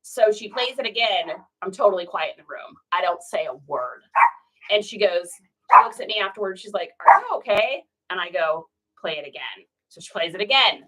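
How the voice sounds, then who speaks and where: A woman's voice: mid-range voice, expressive, a little fast, pushed and bright. Forty-something woman from washington, rambly chatty storyteller, sounds a bit far from the mic. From Washington State, US. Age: 40s. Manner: rambling, chatty storyteller who breaks off to talk to her pet. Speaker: online reseller host. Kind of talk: casual chat while packing orders.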